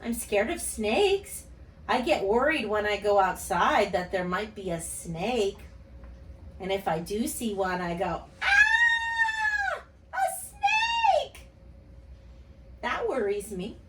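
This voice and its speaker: A woman speech teacher reading and talking gently to young children in an online lesson. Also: medium pitch, animated, slight background noise. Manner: gentle, slow, sing-song storytelling to kids. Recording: echoey room, voice a bit far from mic.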